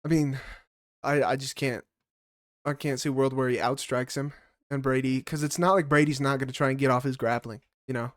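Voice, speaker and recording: A man's voice: mid-range voice, fairly even intonation, a little fast, no room sound, clean studio sound. A man co-hosting a casual fight-picks podcast, giving blunt, heated, profane opinions. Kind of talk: casual sports chat.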